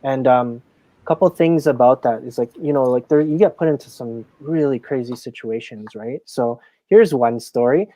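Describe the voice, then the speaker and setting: A man's voice: mid-range voice, normal speed, dry recording. A man who works as a casino floor supervisor, a guest telling stories in a casual interview, chatty and full of fillers. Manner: chatty, filler-heavy, animated retelling.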